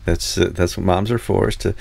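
A man's voice: deep voice, fairly even intonation, fairly quick, creaky, darkish tone, breathy edge, dry recording. A man hosting a news talk show, telling stories in a casual, rambling way with many fillers. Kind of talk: casual chat.

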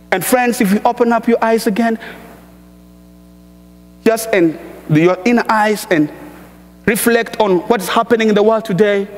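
A man preaching a sermon and reading scripture, speaking emphatically and building to shouted exhortations. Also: high voice. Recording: echoey church hall reverb.

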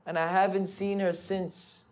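A man's voice: high voice, little pitch movement, unhurried. A male speaker voicing a sobbing old man in a spoken story. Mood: grieving. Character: old man, sobbing, long-lost husband.

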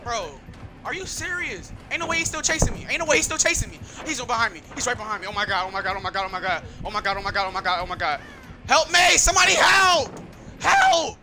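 A man giving excitable gameplay commentary, yelling and complaining in slangy talk. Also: high voice, very fast, music in the background. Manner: slangy, frequent "bro". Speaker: gamer.

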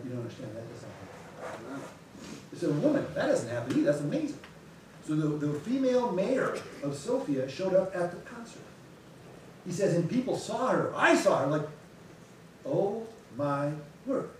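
Pastor, male, animated storyteller; distant mic, big room echo, faint hiss. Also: high-pitched. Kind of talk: church announcements before a sermon. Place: church sanctuary. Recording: echoey sanctuary, distant mic.

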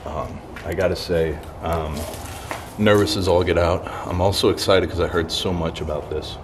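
A nervous man with a lowish voice talks his way through an abandoned house, rambling and tripping over words. He keeps clearing his throat. The handheld recording carries clear background noise. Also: fairly even intonation, normal speed. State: clearing throat, cough drop in mouth. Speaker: host of a paranormal exploration channel. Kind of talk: casual vlog narration while exploring.

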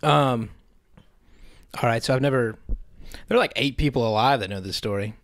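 A man's voice: medium pitch, moderate pace, dry recording, clean studio sound. A young man who works as a youth pastor, chatting easily as a podcast guest and laughing along. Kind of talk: casual podcast chat.

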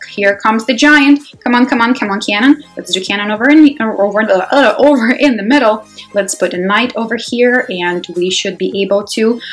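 A woman giving live commentary on her own mobile game, excitable and talking to herself, swinging from loud exclamations to quiet muttering. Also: fairly high pitch, low-quality recording. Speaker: mobile game player and channel host. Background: faint background music.

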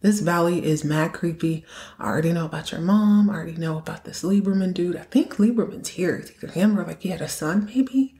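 A woman's voice: fairly low pitch, fairly quick, mellow, natural voice. A woman voicing a paranoid male spy buddy who talks in casual, slangy bro speech. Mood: uneasy.

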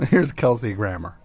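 A man's voice: medium pitch, darkish tone, slightly rough, dry recording. A male radio host riffs on a clip in a sarcastic, mocking way, often breaking into laughter. His voice swoops around animatedly, and the studio recording sounds close and dry. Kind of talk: comedic radio commentary.

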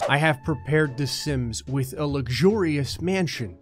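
A man giving comedic, sarcastic commentary over a life-simulation game, often slipping into quick voices for the pets. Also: fairly high pitch, expressive, over music. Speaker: gaming commentator.

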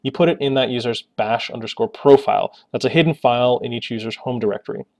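A man's voice: mid-range voice, fast talker, gravelly, a little mellow. A man hosting a Linux tutorial, narrating a screencast in a casual, explanatory way with joking asides.

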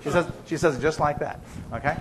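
A man's voice: on the high side, fast, noisy background. A man lecturing to students in a lecture hall, chatty and joking as he teaches. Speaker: biochemistry professor. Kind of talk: university lecture.

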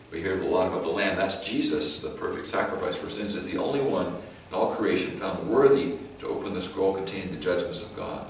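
A low-voiced man with a Californian accent preaches a conversational sermon that often restarts mid-thought and slips in light jokes. He sounds set well back from the microphone, his voice ringing through a very echoey church hall over a faint background noise. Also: distant mic. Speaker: pastor. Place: church sanctuary.

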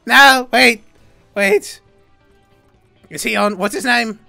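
A young man gaming, loudly swearing and joking through in-character banter with shouted outbursts. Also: very high-pitched, slow, creaky, soft background music. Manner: loud, crude and swearing, with over-the-top shouting outbursts. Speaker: gamer. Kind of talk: profane in-character gameplay banter.

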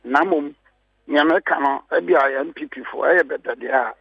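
A man's voice: fairly high pitch, a little fast, creaky, breathy edge. A man with a Ghanaian accent, a political guest on a radio panel, mixing languages and hammering his points with repeated phrases. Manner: emphatic, repeats key phrases. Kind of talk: heated radio panel talk. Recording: muffled dry studio sound.

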